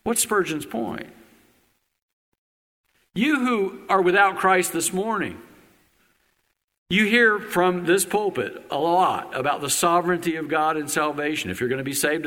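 A pastor preaching a sermon, a man whose fairly high voice has a bright, forceful edge. He moves between loud exclamations and low, quiet asides. A long reverb from a large church sanctuary trails behind each phrase. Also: animated, measured pace, long pauses.

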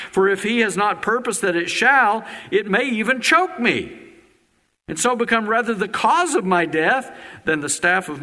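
A pastor preaching a sermon, a man whose fairly high voice has a bright, forceful edge. He moves between loud exclamations and low, quiet asides. A long reverb from a large church sanctuary trails behind each phrase.

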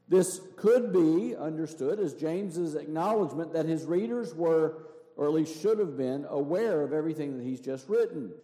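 A man's voice: on the high side, warm tone. A man, a pastor preaching a sermon, explaining things step by step and asking rhetorical questions. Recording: echoey hall with long reverb.

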